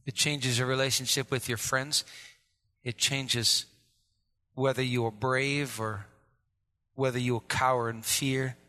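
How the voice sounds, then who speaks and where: A man preaching a sermon as a pastor, impassioned and rising to shouts. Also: medium pitch, level tone, measured pace, pauses often, in a large hall.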